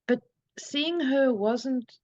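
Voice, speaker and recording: Middle-aged woman telling her story, earnest and halting, lo-fi dead-dry sound. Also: high voice, a little mellow, dry recording. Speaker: interview guest. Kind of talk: personal storytelling in a conversation.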